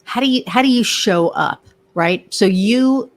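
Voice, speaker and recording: A woman's voice: mid-range voice, a little slow. A middle-aged woman, a business owner, telling stories in casual chat and acting out the voices of the people she quotes. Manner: animated storyteller, acts out quoted voices. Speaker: podcast guest, business owner.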